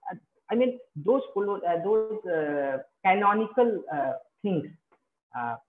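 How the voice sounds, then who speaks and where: A man's voice: sits high, animated. Indian man lecturing over a tinny call. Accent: Indian English. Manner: halting, many uh fillers and restarts. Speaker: plenary speaker. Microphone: video call. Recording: tinny phone-like call audio.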